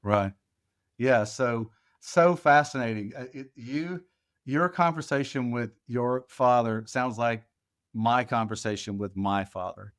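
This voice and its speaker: A man's voice: mid-range voice, measured pace. A man hosting a podcast, asking rambling questions with lots of restarts. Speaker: podcast host. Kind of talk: casual interview chat.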